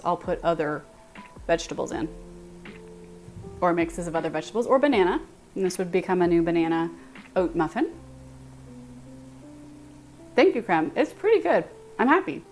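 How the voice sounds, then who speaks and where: A woman's voice: fairly low pitch, fairly quick, soft background music. A woman with a Texan accent hosting a casual baking livestream, chatting and thinking aloud as she greets her viewers by name in her home kitchen.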